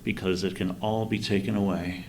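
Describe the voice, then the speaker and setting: Podcast co-host, male, low voice, rambling animated talker, faint live-event room noise. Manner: rambling, quick restarts, animated retelling. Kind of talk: casual chat.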